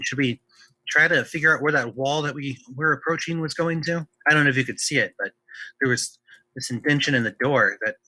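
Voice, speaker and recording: A male player with a sharp, very bright voice talks through his plans in a thoughtful, hesitant way. The recording is dry and close. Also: medium pitch, no echo, low-quality recording. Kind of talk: tabletop game play.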